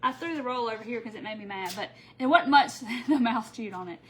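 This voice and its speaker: A woman's voice: fairly high pitch, lively intonation, fairly quick, poor audio. A woman hosting a casual craft livestream, chatting and laughing with viewers by name while she works. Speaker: craft tutorial host.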